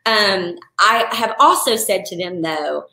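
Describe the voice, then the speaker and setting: A woman, a wedding florist, talking casually on a live stream and answering viewer questions in a chatty, animated way. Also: medium pitch, takes it slowly, roomy sound. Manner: chatty, animated, acts out clients in quoted voices. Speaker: wedding florist and business coach.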